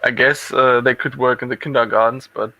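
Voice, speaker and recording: A man's voice: mid-range voice, little pitch movement, fairly quick, bright, forceful tone, slight background noise, rough recording. A man from Germany in a casual group voice chat, talking hesitantly and often repeating words. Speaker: chat participant.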